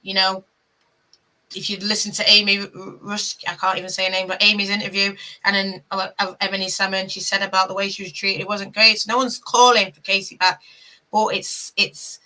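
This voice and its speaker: A woman's voice: medium pitch, little pitch movement, brisk, pushed and bright, low-quality recording. A woman co-hosting a fan podcast, talking in a passionate, rambling, exasperated way. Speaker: podcast co-host. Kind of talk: casual chat.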